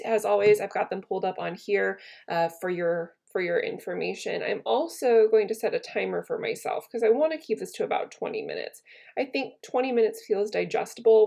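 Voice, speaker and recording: A woman's voice: mid-range voice, vocal fry, darkish tone. A woman teacher giving a casual recorded lesson from home, chatty and full of ums, retelling lines in modern slang. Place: her home.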